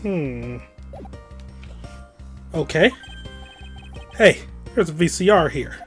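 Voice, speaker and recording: A let's play host giving joking, casual commentary between game dialogue, with soft music behind. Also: medium pitch, expressive, drawn-out words, pauses often. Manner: joking, playful asides.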